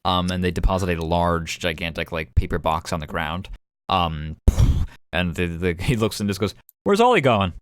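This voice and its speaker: Male game master, deep, quick and rambling, smooth dry close sound. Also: fairly even intonation, a bit bright, no room sound. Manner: rapid, rambling with fillers. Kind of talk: narrating a tabletop game on stream.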